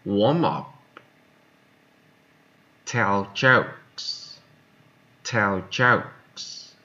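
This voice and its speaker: Slow, deliberate man reading vocabulary words. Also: lowish voice, sharp tone. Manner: reads each word twice, with long pauses. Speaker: vocabulary reader. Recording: dull lo-fi recording.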